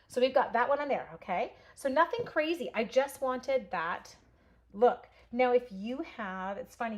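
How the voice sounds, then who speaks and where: A woman hosting a live craft demonstration. She chats casually with her viewers as she works and answers their comments. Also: mid-range voice. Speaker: host demonstrating card stamping. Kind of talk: live craft demo with chat.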